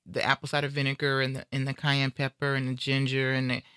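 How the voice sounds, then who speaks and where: Frank fifty-something woman, bright voice. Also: rumbling low, monotone, fast, clear, resonant tone, dry recording, studio quality. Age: 50s. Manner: frank, bawdy, laughing. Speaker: guest co-host. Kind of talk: casual comedic chat.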